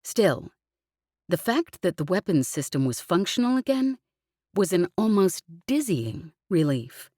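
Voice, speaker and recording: A woman narrating a science fiction audiobook with an even, expressive reading. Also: fairly low pitch, a little slow, no echo, studio quality. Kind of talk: scripted narration.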